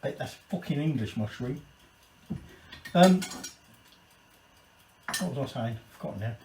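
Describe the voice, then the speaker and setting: A man's voice: medium pitch, lively intonation, a little slow, creaky, a little mellow. A man hosting a casual cooking video, rambling, swearing and drinking while he cooks. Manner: rambling, swearing, tipsy asides. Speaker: cooking channel host. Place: home kitchen. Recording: echoey room, distant mic, faint kitchen noise. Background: clatter of pots and cutlery.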